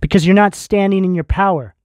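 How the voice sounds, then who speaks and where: Male tarot reader, earnest and reassuring spiritual delivery, higher-pitched voice. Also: a little fast, no room sound, studio quality. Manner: earnest, reassuring direct address with spiritual terms. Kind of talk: tarot reading addressed to viewers.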